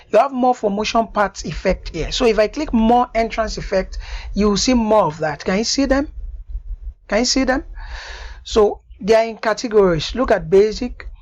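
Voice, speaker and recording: A woman giving a screen-recorded software tutorial, stopping often to check that the viewer understands. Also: mid-range voice, lo-fi sound. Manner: repeatedly checks "do you understand that now?".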